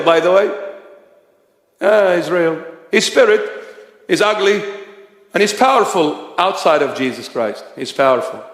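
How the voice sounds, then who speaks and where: A man preaching a sermon, forceful and at times shouting. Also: sits high. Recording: echoey hall.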